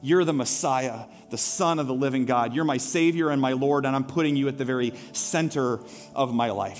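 A man's voice: medium pitch, moderate pace, soft background music. A man preaching a sermon as pastor, telling a story earnestly and rising to rousing calls to worship. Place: church sanctuary.

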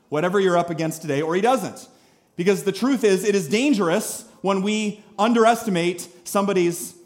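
A man in his thirties preaching a sermon in a church, conversational and animated, full of rhetorical questions. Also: high-pitched. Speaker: pastor. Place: church sanctuary.

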